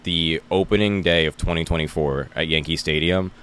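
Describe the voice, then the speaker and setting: A man's voice: a bass voice, moderate pace, slight background noise. A man in his twenties from New Jersey, a guest comedian on a podcast, chatting casually and acting out quotes in his stories. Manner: relaxed, animated storyteller who acts out quotes.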